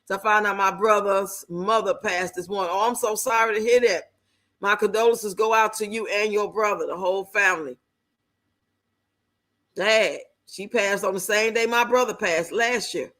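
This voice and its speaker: Bright-voiced woman streamer, blunt and salty. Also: mid-range voice, moderate pace. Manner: blunt, salty, laughing commentary with slang. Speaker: livestreamer reacting to videos and reading chat. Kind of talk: casual live stream chat.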